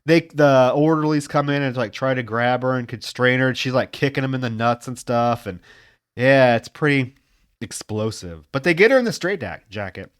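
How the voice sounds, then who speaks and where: A man's voice: medium pitch, moderate pace, clean tone, dry recording, studio quality. A man on a podcast panel, casually retelling a film's plot with lots of filler words. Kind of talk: casual film discussion.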